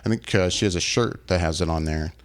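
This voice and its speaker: Guy on a podcast, lowish voice, swearing and ranting. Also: fairly quick. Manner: profane, ranting, laughing. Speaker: podcast host. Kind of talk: casual chat.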